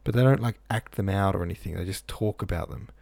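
A man reads a novel aloud in a low voice with a gravelly edge and a dark, mellow tone. His reading is plain, and his asides are offhand and casual, filled with "like". The sound is close and dry. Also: fast, no echo. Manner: offhand, says "like" a lot. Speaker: reader.

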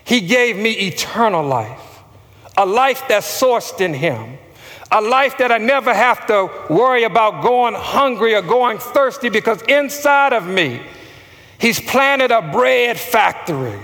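A man's voice: high voice, sing-song, measured pace, pushed and bright, in a large hall. A man preaching a sermon as pastor, calling out questions for the congregation to answer back. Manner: preaching with call-and-response to the congregation.

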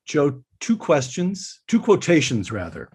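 A man hosting a sit-down interview, his voice a little husky. He introduces his guest and reads quotations in a measured, deliberate way. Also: a little high, huge pitch swings, darkish tone. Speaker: interviewer host.

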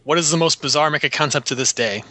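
A man's voice: on the high side, fast talker, pushed and bright. A man hosting a casual podcast, reading listener mail aloud and joking with his co-hosts in an offhand, wry way.

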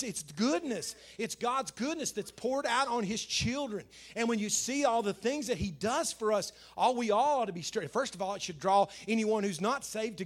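Middle-aged male pastor, high voice, chatty sermon delivery with emphatic scripture readings. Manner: conversational preaching with repeated phrases and emphatic scripture quotes.

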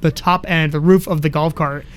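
A man's voice: on the high side, fairly even intonation, clean tone. A married man co-hosting a podcast, trading wry, laughing commentary. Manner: wry, quick, laughs often. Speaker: podcast co-host. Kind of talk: casual recap chat.

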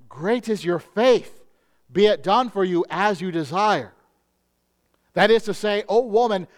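A male pastor preaching a sermon in an earnest manner, slowing down on key phrases. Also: high-pitched.

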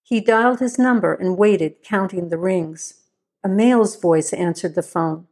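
Woman, story narrator, steady and measured, middle pitch. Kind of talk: scripted narration.

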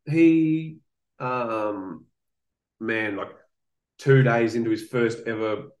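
A combat sports coach hosting a casual podcast chat talks bluntly and with energy, swearing and repeating himself. His medium-pitched male voice moves slowly, and the recording has a roomy echo.

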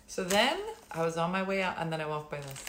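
A woman's voice: low-pitched, fast, fairly bright tone, a little hiss or hum. A middle-aged woman hosting a live stream, chatting casually, rambling and laughing often. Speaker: livestream host.

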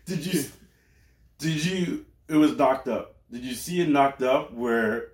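A man's voice: mid-range voice, unhurried. A young man co-hosting a podcast, giving laid-back, dry replies in a casual chat. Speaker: podcast co-host. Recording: roomy room echo.

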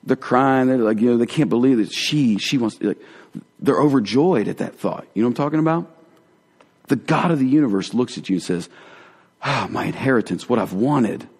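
A man giving a conversational, earnest sermon as a pastor, dropping to hushed tones for emphasis. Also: mid-range voice, expressive, fairly quick, husky. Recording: long hall reverb.

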